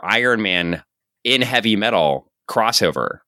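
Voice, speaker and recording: A man co-hosting a podcast about comic books, talking casually, sarcastic and quick to laugh. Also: lowish voice, expressive, sharp tone, no echo, studio quality. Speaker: podcast co-host. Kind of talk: casual comic book chat.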